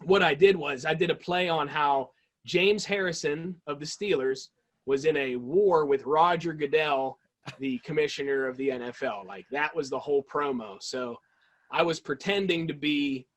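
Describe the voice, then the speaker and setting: A man tells lively stories as a guest on an interview show. His voice sits a bit high for a man. He talks with animated enthusiasm, casual and eager. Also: normal speed. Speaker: guest, toy-hunting video creator.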